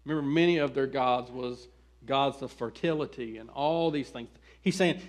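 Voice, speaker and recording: A male pastor preaching an expository sermon, reading scripture aloud and questioning his listeners, swinging from quiet asides to loud, emphatic pleading. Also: mid-range voice, normal speed.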